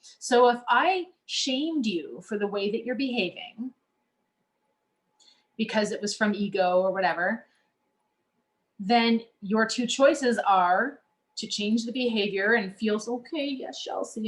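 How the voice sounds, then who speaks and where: A woman speaks as a coach in a relaxed teaching talk, earnest and conversational. She often restarts her sentences and fills pauses with small words as she explains her point. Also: medium pitch.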